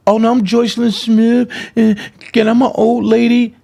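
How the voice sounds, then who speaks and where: A man's voice: level tone, normal speed, gravelly, dark tone. Mocking bit: a whiny, flustered woman caught in a lie, put on by a man. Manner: high, whiny mimicking.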